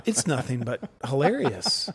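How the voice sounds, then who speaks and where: A man's voice: medium pitch, sing-song, measured pace, slightly rough, long reverb tail. A man who makes comedy sketches, talking as a guest in a casual chat, laid-back and mocking.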